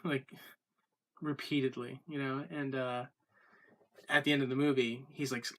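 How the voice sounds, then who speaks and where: A man's voice: medium pitch, level tone, normal speed, fairly bright tone. A man talking casually to camera in a daily video diary, rambling with lots of fillers and restarts. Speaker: vlogger.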